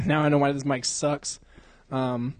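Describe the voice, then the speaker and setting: A man's voice: mid-range voice, level tone, slow, darkish tone, dry recording. Profane laughing young man, dry close mic. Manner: profane, laughs often, slangy. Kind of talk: crude casual banter.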